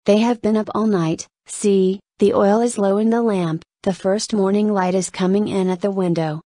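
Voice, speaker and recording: A woman's voice: medium pitch, steady tone, mellow, no room sound, natural voice. A woman reading an earnest, literal-minded trail man. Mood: grave. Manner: plain, grave, deliberate speech.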